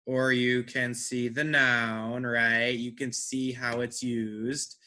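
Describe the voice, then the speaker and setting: Slow, bright-voiced male English teacher. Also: mid-range voice, little pitch movement. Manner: checks understanding with frequent "right?"; drills word stress by repeating words. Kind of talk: live class teaching.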